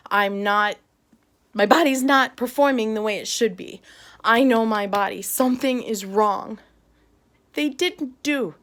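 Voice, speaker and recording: A middle-aged woman vlogging about a hard day, tearful and upset, talking in bursts with nervous laughs. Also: medium pitch. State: tearful after crying. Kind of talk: emotional personal vlog.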